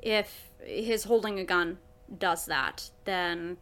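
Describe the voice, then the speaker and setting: A woman's voice: on the low side, slow, a bit bright. Thoughtful woman playing a tabletop game. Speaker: player.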